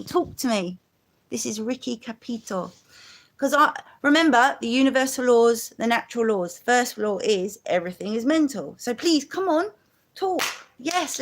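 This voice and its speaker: Rambling London woman, fairly high voice. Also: lively intonation, normal speed. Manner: rambling and chatty, full of "you know" asides. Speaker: YouTube live streamer. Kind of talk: casual live-stream monologue.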